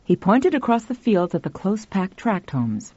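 A woman reads a story in a measured, lively voice that swings freely in pitch. The sound is close and dry, with a dull, muffled lo-fi quality. Faint music sits underneath. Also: breathy edge, no room sound. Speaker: audiobook narrator. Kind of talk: scripted narration.

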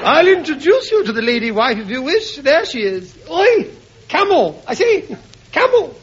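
An actor playing a foppish, cheeky English aristocrat husband who talks in a silly, mocking way with sudden shouts. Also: male voice, very high-pitched, big pitch swings, brisk, breathy edge, full character voice. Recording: muffled old broadcast, hiss, audience laughter.

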